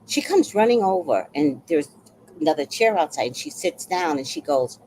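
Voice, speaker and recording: Woman, low-pitched and lively, casual storytelling vlog, faint room noise. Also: moderate pace, low-quality recording. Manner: animated, acts out quoted voices.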